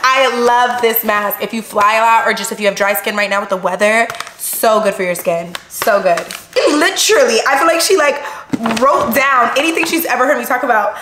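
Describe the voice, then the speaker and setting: A bubbly young woman chats to her audience while she unboxes presents at home. Her somewhat high voice leaps around with excitement, full of gasps and friendly asides. The room is roomy and echoey, with clear noise underneath. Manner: excitable, gasping, chatty, addresses viewers as y'all. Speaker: vlogger. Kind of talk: casual unboxing vlog.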